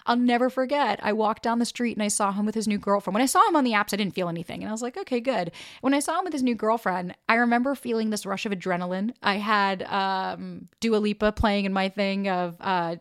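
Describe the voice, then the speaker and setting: A woman's voice: mid-range voice, fast talker, few pauses, dry recording, clean studio sound. A young woman hosting a podcast, telling a breakup story bluntly, swearing freely and acting out what people said. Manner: blunt, profane, animated, quotes people in raised voices. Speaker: podcast host and dating coach. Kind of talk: candid casual storytelling.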